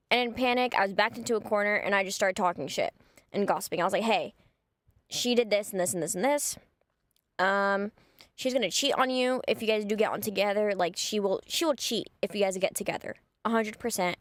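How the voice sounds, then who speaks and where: A woman's voice: mid-range voice, a bit bright, dry recording. A young woman telling a casual, gossipy story for her vlog, chatty and full of "like". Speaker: vlogger.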